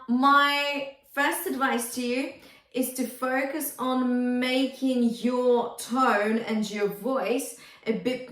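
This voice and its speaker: A woman vocal coach talks singers through their technique in an encouraging way, dropping into brief sung examples. Her voice sits fairly high. The sound is roomy, with her set back from the microphone. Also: a bit bright. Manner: encouraging, demonstrative, sings short phrases to show. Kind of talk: singing lesson feedback with sung demonstrations. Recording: roomy, from a distance.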